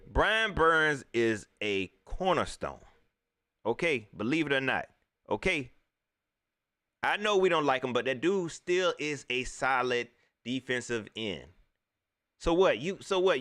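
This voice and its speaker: A man from the States, giving an animated, preachy fan rant that repeats its points in slangy talk. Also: fairly high pitch. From Southern United States. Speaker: sports vlogger, fan commentator. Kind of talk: ranting fan commentary.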